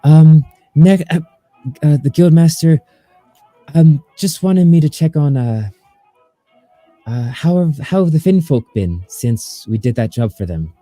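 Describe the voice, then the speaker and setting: A man's voice: on the high side, animated, a little slow, dark tone, no room sound, faint music behind, voice pushed up. A man doing a nervous, stammering young messenger. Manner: stammering, hesitant. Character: nervous, awkward young male guild messenger.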